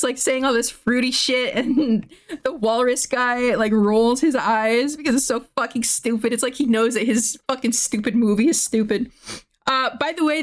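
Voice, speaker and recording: A woman streamer casually recapping a movie plot, rambling with restarts, swearing and laughing at her own jokes. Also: sits high.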